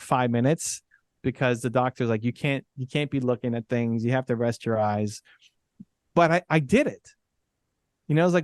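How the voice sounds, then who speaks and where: A man's voice: a little high, clear, resonant tone, no echo, studio quality. A middle-aged man, a podcast guest, telling a candid personal story in an earnest way, full of "like" and "right?".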